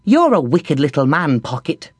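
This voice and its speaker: A man voicing a shy, freckled young kitchen girl with a high giggly voice in an audiobook. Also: sing-song, moderate pace, a little mellow, slightly rough, no echo, heavily acted. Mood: teasing. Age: young adult.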